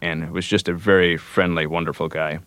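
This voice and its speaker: A man's voice: sits low, little pitch movement, fairly bright tone, clear, resonant tone, no room sound. A man, a musician guest on a radio interview, answering thoughtfully and without hurry, with many fillers. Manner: thoughtful, unhurried, with frequent fillers.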